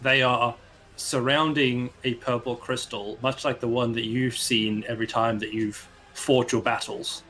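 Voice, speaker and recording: A man's voice: medium pitch, level tone, sharp tone, poor audio. A man narrating a tabletop game as game master, hesitant and full of restarts. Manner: hesitant, with restarts and drawn-out pauses.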